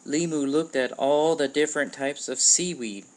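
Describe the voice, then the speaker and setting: A man reading a children's picture book aloud in plain, steady narration, recorded on a webcam. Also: a little high, moderate pace. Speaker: storybook reader.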